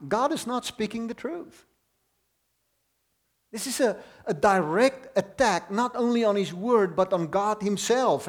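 A man preaching a sermon in an earnest, emphatic way, leaning hard on slow, stressed words. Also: high voice.

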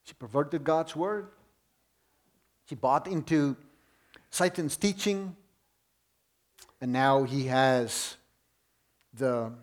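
Slow, emphatic male preacher. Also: medium pitch. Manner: earnest, emphatic, with slow stressed words and repetitions. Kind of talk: sermon.

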